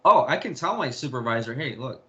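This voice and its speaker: A man's voice: mid-range voice, expressive, a little fast, fairly bright tone, dull audio. A young man talking candidly in an interview about family, rambling with restarts and the odd swear word. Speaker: interview guest. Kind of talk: candid personal storytelling.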